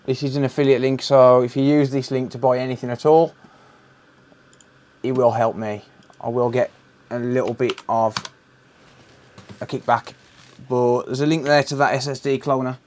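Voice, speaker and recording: A man's voice: mid-range voice, steady tone, moderate pace, a little mellow. British man, livestream repair host, easygoing running chatter, calls people mate, talks while working. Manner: chatty, answers viewer messages while working, says "mate" often. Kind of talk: casual live stream chat.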